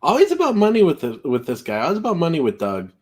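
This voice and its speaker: A young man runs a casual live stream, reading viewer messages and reacting to a played-back show. His voice swings widely in pitch as he feigns outrage. He laughs easily and talks loosely. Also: fast, a loud crowd. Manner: animated, mock-outraged, laughing.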